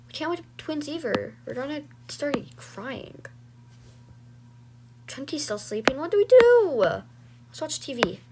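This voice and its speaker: A woman telling a homemade role-play story, switching between voices of bickering siblings. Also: a little high. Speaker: storyteller voicing all characters. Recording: loud background noise.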